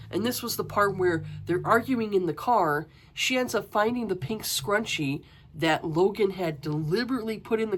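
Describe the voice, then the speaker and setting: A woman's voice: medium pitch, slight background noise. A woman giving a casual, exasperated book review, ranting with swearing and rhetorical questions.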